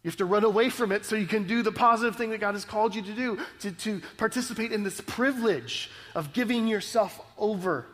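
A man's voice: high voice, brisk, few pauses, fairly bright tone, long reverb tail. A male pastor preaching a sermon in an earnest, conversational way, often checking in with the congregation. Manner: earnest, conversational preaching with frequent "right?" asides.

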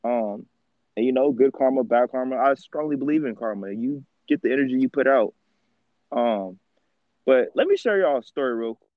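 A man's voice: mid-range voice, lively intonation, moderate pace, no room sound, phone-quality sound. A man co-hosting a podcast, telling a story in casual slang and laughing as he goes. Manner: slangy, laughs through his stories. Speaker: podcast co-host.

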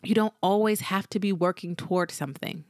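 A woman hosting a solo motivational podcast, talking in an encouraging way and slowing down to stress her points. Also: medium pitch, no echo, clean studio sound. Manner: encouraging, slows down for emphasis. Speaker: podcast host.

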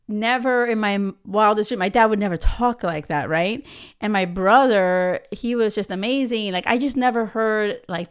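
With a smooth, mid-range voice, a woman in her thirties from the United States hosts a podcast. She shares a personal story conversationally, sprinkling in fillers and tag questions such as "you know" and "right?"

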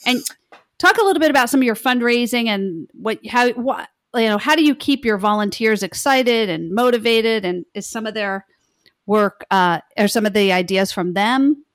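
A woman's voice: fairly high pitch, dry recording. Woman podcast host, encouraging, friendly questions, dry sound. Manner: warm encouraging reactions. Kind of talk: casual interview.

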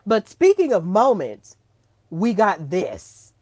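A woman hosting her own podcast in casual solo chat, gushing and excitable, breaking into squeals when thrilled. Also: medium pitch, takes it slowly, no room sound. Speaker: podcast host.

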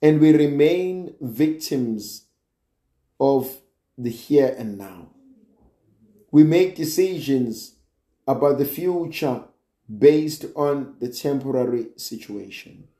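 A man preaching a sermon as a priest, slow and deliberate, with emphatic rises on key words. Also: medium pitch, expressive, mellow, reverberant.

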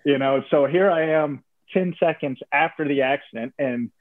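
A man's voice: on the high side, moderate pace, dry recording. Guy from virginia telling his story, laid back, lots of um and uh, sounds like a phone call. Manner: relaxed, many fillers and restarts. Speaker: interview guest. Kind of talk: casual storytelling interview. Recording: tinny phone-like audio, dry.

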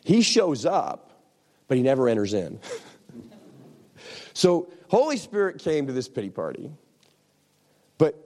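A man's voice: mid-range voice, wildly swooping pitch, measured pace, pauses often, darkish tone. A man preaching a sermon with impassioned, emphatic declarations. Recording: long hall reverb.

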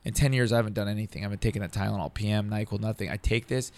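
A man's voice: fairly low pitch, fairly even intonation, very fast, darkish tone. A man telling a long personal story in casual, profane, rambling talk, acting out what others said.

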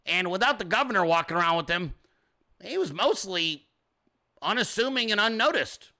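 A man's voice: sits high, expressive, moderate pace, bright, forceful tone. Sarcastic, profane male commentary host. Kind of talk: ranting commentary show.

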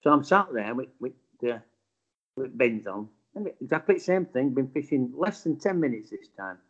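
A man's voice: medium pitch, brisk, husky. A man in his fifties from Bradford with a West Yorkshire accent, telling a casual story and acting out the voices, with a bit of swearing. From Bradford, England. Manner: animated, acts out quotes, swears. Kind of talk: casual anecdote. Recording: dull lo-fi sound.

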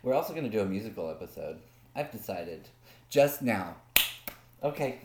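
A woman co-hosting a casual podcast, playful and quick to jump in with jokes and bits. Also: rumbling low, animated, reverberant, heavy background noise. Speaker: podcast co-host. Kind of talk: casual chat.

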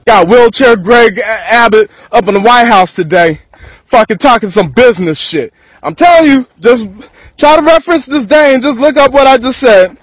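A man's voice: very high-pitched, animated, moderate pace, dry recording, low-quality recording. A man from Texas, rambling through a profane freestyle rant to camera and laughing between thoughts.

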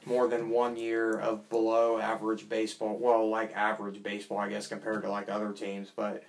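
A man's voice: fairly low pitch, completely flat delivery, normal speed. A man co-hosting a casual sports talk show, talking things through and often checking for agreement. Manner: conversational, asks for agreement with "right?". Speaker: podcast co-host.

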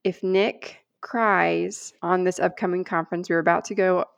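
Earnest woman with vocal fry. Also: fairly low pitch, normal speed. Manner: animated storyteller, acts out quoted prayers and dialogue; earnest and heartfelt. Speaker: podcast co-host. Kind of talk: casual podcast storytelling.

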